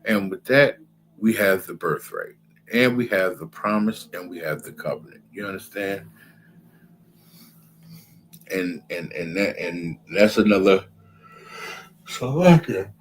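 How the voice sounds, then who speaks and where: A man's voice: low voice, a little slow, pauses often, a little hiss or hum, rough recording. A man giving a casual scripture lecture in a repetitive, conversational way, often checking in with his listeners. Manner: repetitive, conversational, keeps asking "you understand?". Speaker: religious class teacher.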